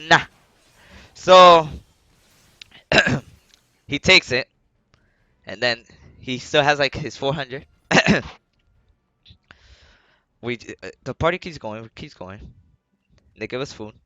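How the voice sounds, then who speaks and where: A man's voice: mid-range voice, lively intonation, takes it slowly, long pauses, sharp tone, no room sound. A young man telling a story casually and profanely on a live stream, laughing as he goes. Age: young adult.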